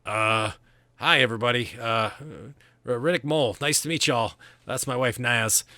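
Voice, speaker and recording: A man's voice: medium pitch, lively intonation, moderate pace, pushed and bright, no echo, pitched above the performer's own voice. Riddick, a man doing a hearty dwarf barkeep. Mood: cheerful. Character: jovial male dwarf tavern keeper.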